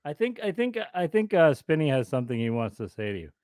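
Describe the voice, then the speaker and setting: Man co-hosting a comedy podcast, hesitant, lively pitch, dry sound. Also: fast talker, no room sound. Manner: hesitant, many fillers. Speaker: podcast co-host. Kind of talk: casual comedy chat.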